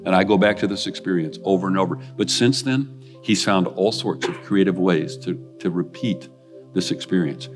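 An older American man, a guest preacher with a low voice, tells personal stories in a sermon at a church, speaking at a normal pace over music in an earnest, confessional way.

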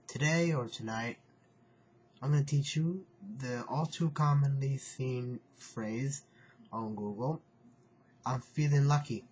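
A man talks slowly and carefully, repeating each phrase for the viewer and clearing his throat now and then. His voice sits at an ordinary middle pitch. The recording is dull and lo-fi, with a faint hiss underneath. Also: darkish tone. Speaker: YouTuber teaching phrases. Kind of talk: casual home video lesson.

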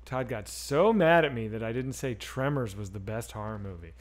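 A man in his forties streaming a video game, chatting loosely with his viewers and swearing as he plays. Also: mid-range voice. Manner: loose and profane, talks to chat while playing. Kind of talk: casual gaming livestream chat.

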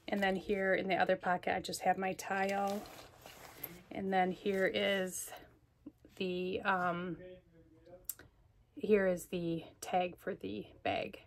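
Recorded at home with slight background noise, this casual show-and-tell vlog features a woman chatting and gushing about her things, out of breath and full of fillers. Her medium-pitched voice is flat in delivery, slow, and pauses often.

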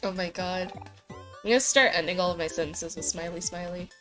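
A woman's voice: lowish voice, fairly quick, fairly bright tone. A young woman streaming a game, joking to herself and reading dialogue aloud. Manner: playful, joking asides to herself. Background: faint game music.

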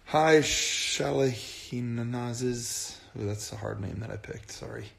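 A man's voice: mid-range voice, slow pace, creaky, a bit bright. Man with a mid-range voice, earnest and rambling, on a phone livestream in an echoey room. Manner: earnest, rambling, repeats himself. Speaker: band frontman on a livestream. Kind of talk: casual livestream chat.

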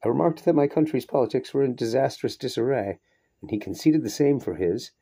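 A man reading a short story aloud in a steady, measured way, now and then breaking off for a brief aside. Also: mid-range voice, husky. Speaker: reader. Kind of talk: audiobook narration of a short story.

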